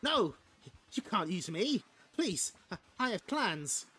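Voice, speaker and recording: A man putting on a cowardly little comic-book villain, high and pleading. The voice leaps around and sounds bright and sharp. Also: very animated, takes it slowly, slightly rough, full character voice. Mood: panicked. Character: cowardly scheming male villain, frightened.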